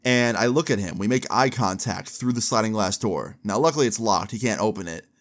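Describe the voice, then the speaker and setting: Young man, low voice, casual storytime, animated, slangy, acts out quotes. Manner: animated, quotes people in quick bursts, casual slang and swearing. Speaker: storyteller vlogger.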